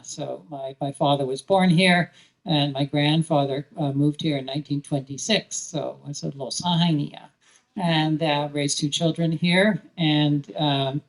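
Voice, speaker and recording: A woman in her sixties speaking as a guest at a live interview, relaxed and reflective, with many pauses and fillers. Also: low voice, rough recording. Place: event venue with live audience.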